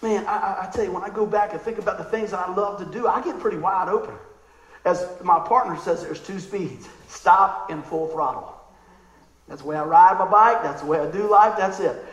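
A high-pitched man delivers a sermon, excitable and chatty, telling stories and often checking in with his listeners. His voice rings around a big room with a lot of echo. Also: moderate pace. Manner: animated, excitable storytelling; conversational, asks the crowd questions. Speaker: preacher.

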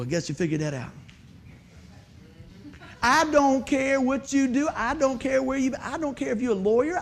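This preacher's voice is very high and gravelly. Delivering his sermon, he shares a folksy tale, keeps things conversational and trades jokes with the congregation.

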